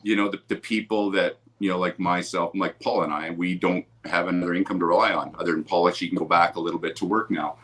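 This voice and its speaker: A man guest on a video call from home, telling animated stories and laughing often. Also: low voice, fast, few pauses. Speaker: guest, photographer. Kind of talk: casual storytelling on a video call.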